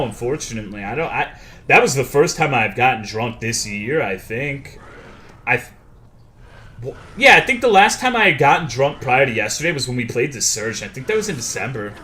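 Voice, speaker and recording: With a bright, forceful voice at medium pitch, a young man chats casually while streaming a game. He swears often, cracks jokes, and reads viewer chat aloud.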